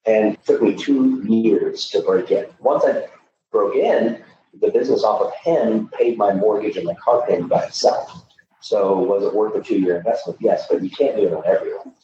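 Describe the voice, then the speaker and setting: A man's voice: fairly low pitch, moderate pace, crowd noise. A middle-aged man coaching loan officers in a podcast conversation, emphatic, with frequent restarts. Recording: echoey, dull, distant mic with faint noise.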